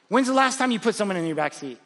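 A man preaching a sermon as pastor, energetic and storytelling, often repeating words as he restarts his thoughts. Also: sits high, fast talker, big-room sound. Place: large church auditorium.

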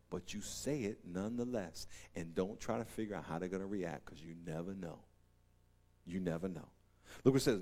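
A man preaching a sermon as pastor, animated, acting out scenes in voices and laughing often. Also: medium pitch. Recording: long reverb of a large hall.

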